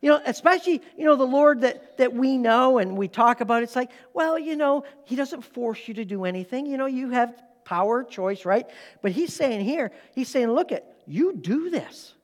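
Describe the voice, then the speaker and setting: High-voiced preaching man in a reverberant hall. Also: expressive, moderate pace. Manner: emphatic, conversational, rising to strong stress. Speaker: pastor. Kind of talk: sermon. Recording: long reverb of a large hall.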